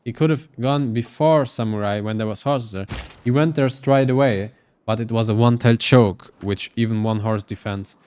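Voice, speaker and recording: A man's voice: mid-range voice, moderate pace, darkish tone, clean tone. A man casting a live strategy game match, giving loose, thinking-aloud play-by-play. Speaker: esports caster.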